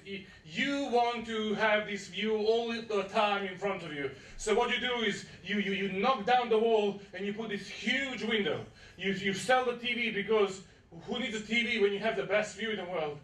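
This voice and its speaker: A man with a notably high voice preaches a sermon, spinning a story and bantering with the congregation. He sounds set back from the microphone, and the church around him rings with a long echo. His delivery is lively and conversational. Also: far from the mic. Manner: storytelling with playful asides to the congregation. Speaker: pastor. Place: church hall. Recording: echoey church from afar.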